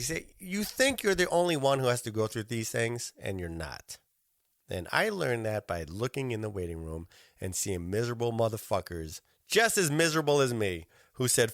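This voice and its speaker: A man hosting a podcast, telling a crude personal story in a profane, graphic, animated way. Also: mid-range voice, moderate pace, dry recording, clean studio sound. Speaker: podcast host.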